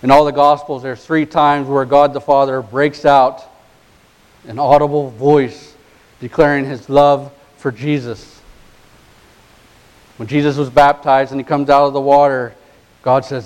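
A man preaching a sermon in a mid-range voice, dropping to near-hushed, low stretches before climbing into forceful, insistent exhortation. He leans on important words with slow, deliberate stress. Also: flat delivery, smooth, low-quality recording. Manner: swings from hushed, low passages to rising, emphatic exhortation. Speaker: pastor.

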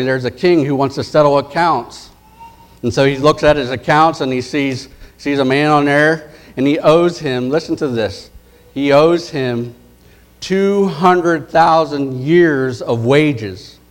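A man preaching a sermon, retelling parables in a conversational way and dropping his voice low and soft for key words. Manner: conversational storytelling, dropping to soft intense tones for quoted lines.

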